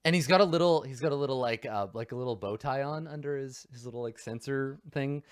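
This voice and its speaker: A man's voice: medium pitch, quick pace, no echo. Casting: male game master, casual rambling narration, dry close recording. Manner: loose, filler-heavy narration.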